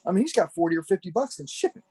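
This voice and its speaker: A man's voice: sits high, sing-song, rapid-fire, dark tone, breathy edge. A man who used to wrestle, reminiscing in a rambling, talkative way, full of restarts and "you know," speaking over a video call. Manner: chatty, talkative storyteller. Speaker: former pro wrestler, podcast guest. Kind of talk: casual memorial reminiscing. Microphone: video call camera.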